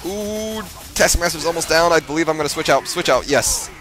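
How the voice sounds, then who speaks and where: A man's voice: on the high side, steady tone, quick pace, a bit bright. A man giving rambling, self-deprecating gameplay commentary, full of fillers and restarts. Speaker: gamer.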